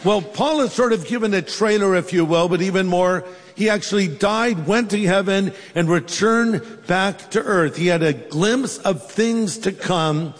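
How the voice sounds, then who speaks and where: A man preaches in a large church hall, his voice sitting high for a man. He tells stories and drops in humorous asides. A long reverb trails each phrase. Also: unhurried, few pauses. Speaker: pastor. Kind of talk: sermon.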